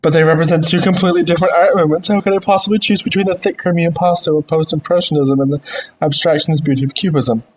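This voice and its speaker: A man's voice: fairly high pitch, fairly even intonation, racing, slight background noise, pitched above the performer's own voice, lightly acted, rough recording. A man voicing a pompous, fussy middle-aged male art teacher in a video game.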